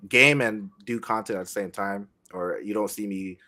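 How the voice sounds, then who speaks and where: Laid-back low-voiced man, full of ums. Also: normal speed, sharp tone. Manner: easygoing, many ums and uhs. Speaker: guest streamer. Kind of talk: casual interview chat.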